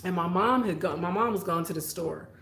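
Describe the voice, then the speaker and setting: This young adult woman speaks fairly quickly in a lowish, fairly bright voice. On a late-night live stream she tells childhood stories, reads viewer comments, and laughs often, all in an echoey room.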